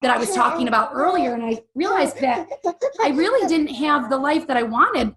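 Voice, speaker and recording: A woman's voice: sits high, expressive, normal speed, a crowd in the background. A woman in her forties, an interview guest telling a candid personal story in an earnest, emotional, chatty way with many fillers. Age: 40s.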